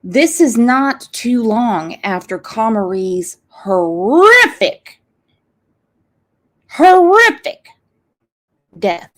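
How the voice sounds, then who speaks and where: A woman's voice: fairly high pitch, big pitch swings, slow, a bit bright. A woman hosting a true crime livestream, angry and blunt, swearing freely as she comments. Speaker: true crime channel host.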